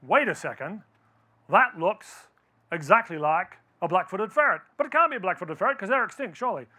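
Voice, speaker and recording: A man putting on a small-town taxidermist in a told story, high-pitched and bright, thinking aloud in disbelief. He sounds incredulous, checking a find against what he believes. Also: lively intonation, brisk, breathy edge, exaggerated voice. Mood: astonished.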